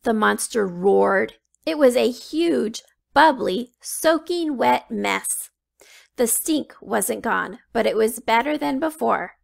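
A woman reading a children's storybook aloud, slow and expressive. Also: fairly high pitch, gravelly. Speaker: children's book reader.

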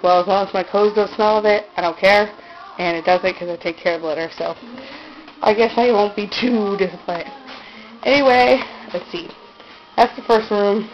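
A woman's voice: medium pitch, rough recording. A woman giving a rambling, giggly tour of her bedroom, recorded on a handheld camera's built-in mic. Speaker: vlogger giving a room tour. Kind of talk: casual handheld room-tour chat. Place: her own bedroom, indoors.

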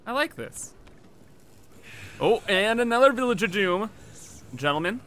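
High, lively gaming commentator man. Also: unhurried, long pauses, slight background noise. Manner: playful, laughing, hyped. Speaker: gaming YouTuber. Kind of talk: casual gameplay commentary.

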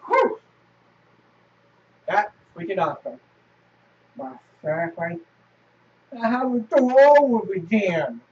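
A man's voice: high voice, sing-song, unhurried, long pauses. A man commentating his horror game playthrough, cursing and venting frustration at the game. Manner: frustrated, swearing, shouting at the game. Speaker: gameplay video host. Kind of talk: casual let's play commentary. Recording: distant lo-fi mic.

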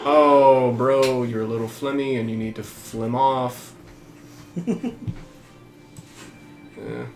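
A man doing let's play commentary on a horror game, crude and trash-talking, swinging from low mutters to panicked screaming. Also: flat delivery, takes it slowly, pauses often, darkish tone. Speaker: gameplay commentator. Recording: roomy sound with game music behind.

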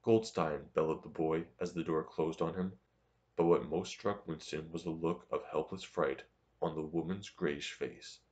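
A man narrating a novel as an audiobook in a steady, measured reading. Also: very deep voice.

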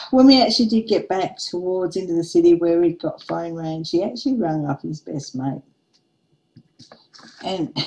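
A woman's voice: lowish voice, dark tone, low-quality recording. A woman in her forties telling a funny anecdote in a casual craft-vlog chat, laughing often as she goes. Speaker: craft vlogger.

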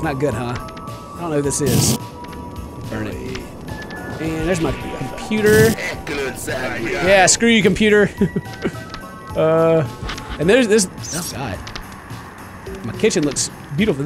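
A male gaming host riffs through a game with a high, bouncy voice that swings widely in pitch. He jokes constantly and yells at the characters on screen, while loud game music plays underneath. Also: a little slow, pauses often. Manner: shouts at game characters, jokey and animated. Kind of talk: comedic gameplay commentary.

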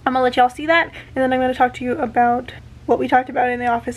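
A young woman with a high, light voice talks straight into a handheld camera at home. Her chat is casual and meandering, full of ums and restarts, and she sounds a little out of breath. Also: fairly even intonation, racing, faint music behind. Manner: chatty, rambling with many fillers and restarts. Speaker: vlogger. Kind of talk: casual vlog.

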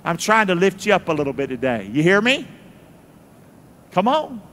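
A man's voice: sits high, big pitch swings, moderate pace, fairly bright tone, big-room sound, a little hiss or hum. A middle-aged man, a pastor, preaching a sermon and calling on the congregation to answer him, repeating key phrases. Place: large church sanctuary.

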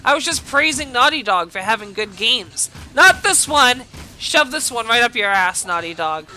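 A woman hosting a gaming video, giving loud, furious gameplay commentary full of swearing. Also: fairly high pitch, lively intonation, normal speed.

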